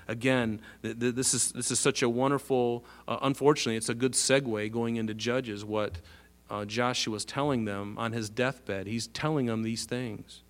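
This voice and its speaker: A man's voice: mid-range voice, fairly even intonation, moderate pace. Earnest male preacher expounding scripture. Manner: earnest, emphatic, rising for quoted verses; rhetorical questions to listeners. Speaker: pastor. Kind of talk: sermon, reading and expounding scripture.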